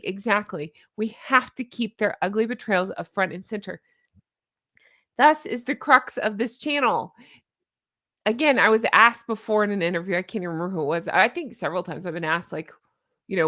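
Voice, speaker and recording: A woman hosting her own commentary channel, talking casually into her microphone in an animated, sarcastic and rambling way. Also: medium pitch, moderate pace, no echo, clean studio sound.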